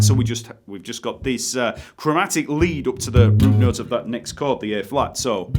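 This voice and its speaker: Man counting beats in a bass lesson. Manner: counts beats aloud slowly and rhythmically; relaxed, explanatory, with fillers. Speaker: bass teacher. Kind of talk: online music lesson. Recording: bass guitar playing behind the voice.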